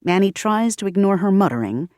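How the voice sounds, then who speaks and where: A woman narrating an audiobook with expressive, varied delivery. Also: medium pitch, fairly quick, dry recording, clean studio sound. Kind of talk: scripted narration.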